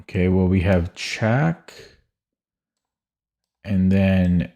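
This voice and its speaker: A young man with a deep voice talks slowly through chess puzzles at his desk. He mutters, hesitates and corrects himself often as he thinks aloud. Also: creaky, mellow. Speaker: chess streamer.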